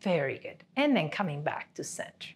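A woman yoga therapy instructor leading a seated class with gentle step-by-step cues, often checking in with "right?". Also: deep voice, sing-song, moderate pace.

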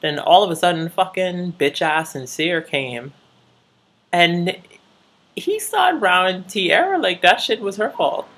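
A woman with a low, husky voice talks loosely through a TV recap on her vlog. She swears freely, drifts between thoughts and keeps breaking into laughter. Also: expressive, measured pace, a bit bright. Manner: profane, chatty, laughs often. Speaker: vlogger. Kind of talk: casual TV recap chat.

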